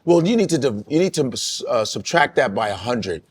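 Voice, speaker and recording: A man hosting a casual podcast panel, talking in a blunt, animated way with casual swearing. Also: mid-range voice, normal speed, husky.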